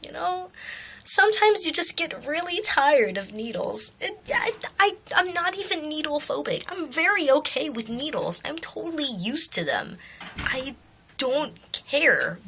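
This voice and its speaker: Young woman vlogger, bright and lively, swears casually; fairly high voice. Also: measured pace. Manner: animated, swears freely, laughs while telling. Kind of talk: casual storytelling vlog.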